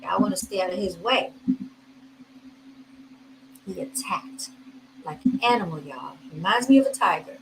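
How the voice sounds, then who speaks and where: A woman's voice: mid-range voice, expressive, a little slow, pauses often, background noise. A woman hosting a casual commentary vlog, chatty and laughing, talking straight to her viewers. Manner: chatty, addresses viewers as y'all, laughs often. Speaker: host commenting on video clips.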